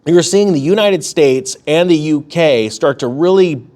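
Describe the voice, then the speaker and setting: A man hosting a casual economic news commentary, his voice sitting a little high for a man. He drops sarcastic asides and jokes as he goes, jumping quickly up and down in pitch and speeding up and slowing down. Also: darkish tone. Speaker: host of an economics news channel.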